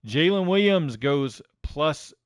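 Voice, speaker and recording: A man's voice: a little high, animated, slow pace, no echo, clean studio sound. A man hosting a live stream, casually reading out game ratings with lots of ums and uhs. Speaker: gaming channel host.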